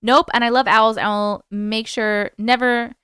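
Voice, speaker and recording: A woman's voice: fairly high pitch, little pitch movement, a little slow, a bit bright, clean tone, dry recording, clean studio sound. A woman hosting a live stream, chatting casually and swearing freely before reading viewer stories.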